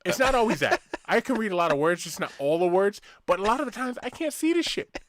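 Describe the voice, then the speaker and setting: A man's voice: sits high, sing-song, fast talker, fairly bright tone, a little hiss or hum. A man co-hosting a casual podcast, reading listener emails aloud with loose, profane jokes. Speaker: podcast co-host.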